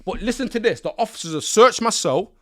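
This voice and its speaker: A man from Nottingham, a podcast guest telling animated stories in heavy street slang and acting out what others said. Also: high voice, fast. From Nottingham, England. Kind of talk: casual storytelling in an interview.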